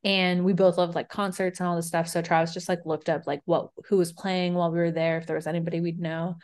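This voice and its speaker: Bubbly woman podcast co-host, slightly low. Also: quick pace. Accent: slight Southern. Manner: bubbly, laughs often, animated storytelling. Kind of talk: casual chat.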